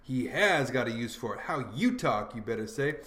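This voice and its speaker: A man's voice: medium pitch, animated, moderate pace, fairly bright tone, natural voice. A man voicing a bossy, know-it-all teenage boy who lectures in folksy dialect, in an audiobook reading. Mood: lecturing. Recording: roomy echo.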